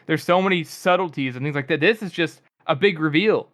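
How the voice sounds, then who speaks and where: A man's voice: fairly high pitch, fairly quick, a bit bright, dry recording, clean studio sound. A man co-hosting a casual book podcast, rambling and laughing as he talks. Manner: rambling, laughing, lots of fillers. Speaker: podcast co-host.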